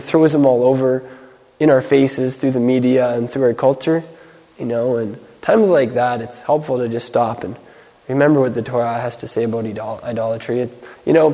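A man giving a casual, conversational sermon as a Messianic teacher, full of fillers, slowing down to read scripture. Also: medium pitch, warm tone. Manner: conversational, filler-heavy, reads scripture slowly. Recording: long hall reverb.

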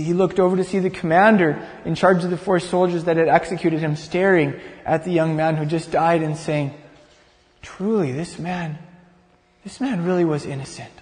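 A male preacher with a high voice tells a story with vivid detail, often stumbling and repeating words. His voice rings with a long reverb from a large hall. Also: flat delivery, moderate pace, a little mellow. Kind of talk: sermon storytelling.

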